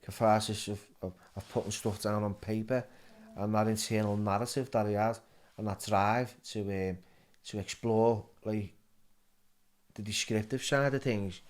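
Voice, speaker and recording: A man's voice: on the low side, a little mellow. A middle-aged man with a Liverpool accent, a guest telling his story in a casual interview, stumbling and repeating words as he goes.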